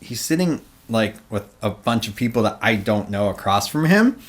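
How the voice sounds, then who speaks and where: A man's voice: on the low side, animated, moderate pace. A man hosting a podcast, telling a long casual story full of fillers and acted-out quotes. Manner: rambling, many fillers, acts out quotes. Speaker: podcast host.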